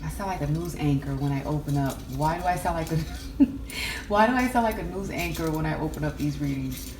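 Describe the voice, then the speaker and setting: A woman giving a spoken tarot reading at home, musing slowly with soft mm-hmms. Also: deep voice, noisy background. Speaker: tarot reader. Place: indoors at home, windows closed.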